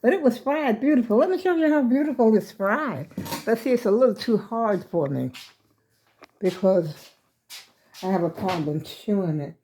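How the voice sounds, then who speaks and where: A woman's voice: medium pitch, lively intonation, normal speed, warm tone, a little hiss or hum. An older woman vlogging casually from her home, chatty and folksy, a little out of breath as she calls her viewers y'all.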